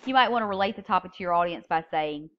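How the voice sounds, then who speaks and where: A woman's voice: fairly low pitch, expressive, fast, highs cut off, a little hiss or hum. A woman teaching a public speaking class, explaining step by step and stressing key words when she reads example openings. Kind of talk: recorded lecture.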